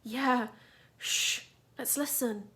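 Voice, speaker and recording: A woman reading a story aloud, voicing a quick, anxious schoolboy who speaks in a hushed, urgent way. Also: on the high side, full character voice.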